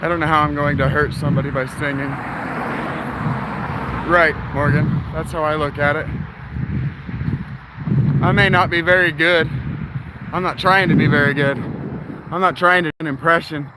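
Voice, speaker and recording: Walking the town streets outdoors, a street vlogger and storyteller talks casually while short of breath, blunt and profane, wandering into rambling asides. His voice is fairly high with fairly even intonation, at a normal speed with long pauses. Traffic noise from outside fills the recording.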